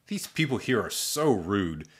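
A man's voice: on the low side, very animated, measured pace. A man doing grumpy, muddled Drew. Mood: grumbling.

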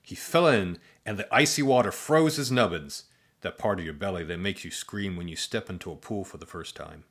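Low voice guy reading a silly spooky story, deadpan, dry jokes. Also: normal speed, slightly rough. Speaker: narrator. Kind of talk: comic storybook narration.

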